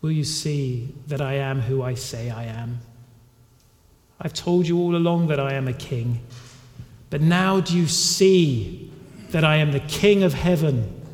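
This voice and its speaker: A man voicing Jesus as calm and self-giving, speaking softly and earnestly, his voice lower and quieter than when he preaches. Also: a little slow. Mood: calm, resolute. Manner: soft, low and earnest. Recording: echoey hall with long reverb.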